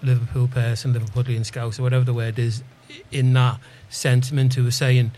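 A man co-hosting a community radio show, quick to laugh and ready to argue his point. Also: mid-range voice, flat delivery, warm tone, a little hiss or hum. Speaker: radio co-host. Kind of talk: casual studio chat.

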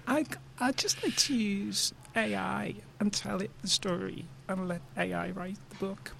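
A speaker with a gravelly voice, chatting forthrightly in a casual group. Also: medium pitch, steady tone, unhurried, a bit bright, slight background noise. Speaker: discussion participant.

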